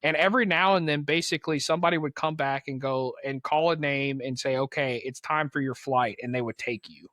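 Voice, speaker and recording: A man's voice: medium pitch, a little fast, few pauses, a bit bright, no echo, clean studio sound. A young man on a podcast telling a story in a casual, slangy way, acting out the people he quotes. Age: young adult. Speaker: podcast co-host.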